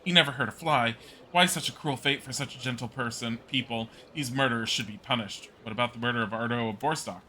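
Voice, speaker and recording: Upset townswoman giving testimony, a streamer reading her out, bright and forceful. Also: medium pitch, quick pace, natural voice. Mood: distressed. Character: upset middle-aged townswoman witness.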